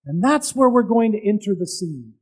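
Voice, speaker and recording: A man preaching a sermon to a congregation, telling the story with dramatic pauses, loud peaks and casual asides to the audience. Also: high voice, sing-song, poor audio.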